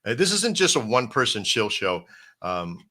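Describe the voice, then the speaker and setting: A man's voice: mid-range voice, very animated, moderate pace, sharp tone. A man hosting a casual crypto livestream, talking straight to his viewers in a rambling, coach-like pep talk with plenty of restarts. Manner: addresses viewers directly as folks and brother. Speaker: crypto stream host.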